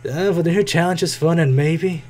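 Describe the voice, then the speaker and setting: A man putting on a deep, theatrical narrator voice to read a visual novel's text aloud. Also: normal speed, faint music behind, close to an everyday voice. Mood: mock-ominous. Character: deep, mock-dramatic male game narrator.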